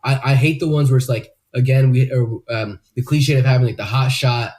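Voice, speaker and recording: Guy cohosting a podcast, swears a lot, laughs easy, middle-pitched voice. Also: fairly even intonation, brisk, darkish tone. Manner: loose, profane, laughs often. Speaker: podcast co-host. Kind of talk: casual chat.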